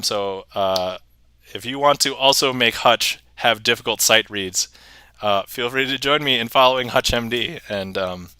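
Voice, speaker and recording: A man's voice: medium pitch, pushed and bright, clean tone, no echo. A man hosting a casual livestream magic show, chatting, reading viewer messages aloud and chuckling often.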